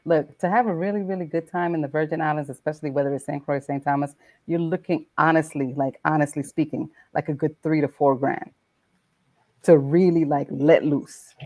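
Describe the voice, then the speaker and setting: A woman's voice: sits low, steady tone, a little fast, darkish tone. A woman co-hosting a podcast in chatty, teasing casual talk full of "like" fillers. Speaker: podcast co-host. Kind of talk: casual chat.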